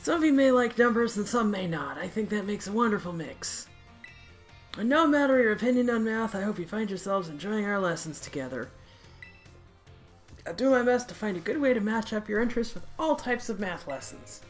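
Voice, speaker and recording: A woman voicing a cheerful female math teacher who speaks gently and encouragingly to her class. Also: medium pitch, animated, brisk, soft background music, pitched above the performer's own voice, close to an everyday voice.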